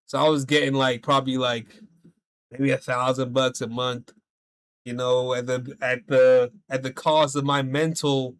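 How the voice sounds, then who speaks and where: A man's voice: mid-range voice, a bit bright. A man streaming a game, telling a rambling story in casual chat, swearing a lot and saying "bro" and "like" every few words.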